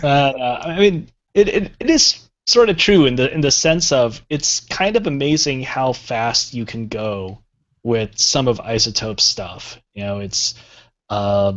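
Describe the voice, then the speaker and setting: A man co-hosting a podcast in easygoing casual chat. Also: medium pitch. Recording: dull lo-fi podcast audio.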